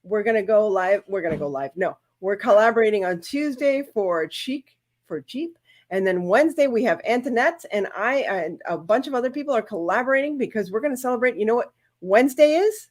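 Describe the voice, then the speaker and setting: A woman's voice: on the high side, lively intonation, fairly quick. Chatty woman hosting a craft live-stream. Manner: chatty, rambling, emotional. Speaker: crafting channel host. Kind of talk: casual live-stream chat.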